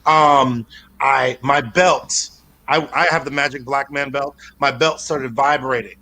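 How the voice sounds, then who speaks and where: A man doing a stand-up routine over a video call, telling a crude story in an animated way, acting out voices and shouting punchlines. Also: medium pitch, unhurried. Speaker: stand-up comedian.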